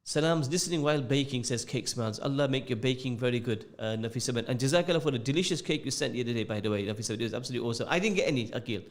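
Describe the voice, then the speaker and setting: A man's voice: mid-range voice, very fast, few pauses. A man hosting a radio show with a mixed northern English and London accent, chatting casually, joking and repeating phrases as he reads out listener messages. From England. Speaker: radio host. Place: radio studio.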